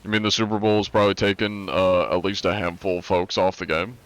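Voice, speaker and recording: A young man with an American accent talks to his live-stream chat in a relaxed, meandering way, filling his sentences with likes and ums. His voice sits very low. He sounds easygoing and unhurried as he answers viewers' questions. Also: clean tone. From United States. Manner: laid-back, rambling, lots of likes and ums.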